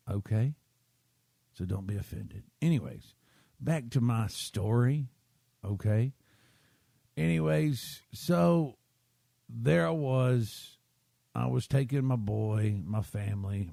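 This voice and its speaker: A man's voice: fairly low pitch, gravelly, mellow, no echo. A man, hosting a podcast and rambling through a self-deprecating story while checking in with his listeners. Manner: chatty, keeps checking in with listeners. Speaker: podcast host.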